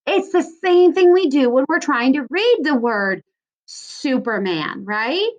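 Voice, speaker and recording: A woman's voice: sits high, very animated, measured pace. A woman teacher giving a recorded lesson to young children, stretching out syllables in a sing-song way. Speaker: second grade teacher.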